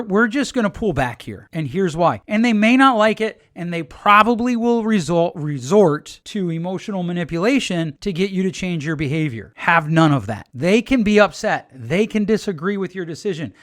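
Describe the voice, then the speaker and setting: Earnest high-voiced man giving advice. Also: a bit bright, no room sound, studio quality. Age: adult, married. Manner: earnest, emphatic, repeats and restarts words. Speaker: podcast host. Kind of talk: solo podcast monologue.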